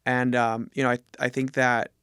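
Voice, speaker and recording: Reflective man with a smooth voice. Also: medium pitch, flat delivery, moderate pace, a bit bright, no echo, clean studio sound. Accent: New Jersey. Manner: reflective, thoughtful, with many fillers. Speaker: guest, gym owner and jiu jitsu coach. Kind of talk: casual conversation.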